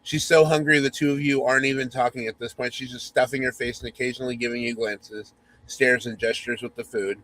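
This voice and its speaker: Male podcast host, comedic story reading, mock-sultry, teasing asides, mid-pitched voice. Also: level tone, a little fast, a bit bright, rough recording.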